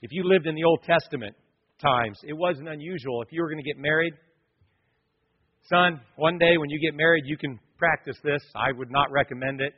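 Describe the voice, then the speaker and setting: A pastor delivers a dramatic, storytelling sermon straight to his congregation. This man has a fairly high, husky voice. The sound is a bit dull and lo-fi, with his words trailing off into the long reverb of a large church sanctuary. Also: moderate pace. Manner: dramatic storytelling preacher, addresses the congregation directly.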